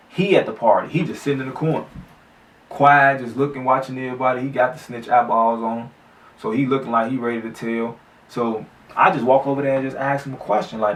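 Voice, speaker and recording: A man casually telling his own story time, loose and profane, acting out what people said. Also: medium pitch. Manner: loose, profane street storytelling with acted quotes. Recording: echoey room, mic at a distance.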